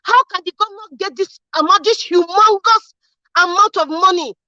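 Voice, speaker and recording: A woman's voice: extremely high pitch, normal speed, pushed and bright, no echo. A young Nigerian woman from Edo State hosting a political commentary vlog, angry and fiery, firing off rhetorical questions and repeating herself. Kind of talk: impassioned political rant. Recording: dull lo-fi sound.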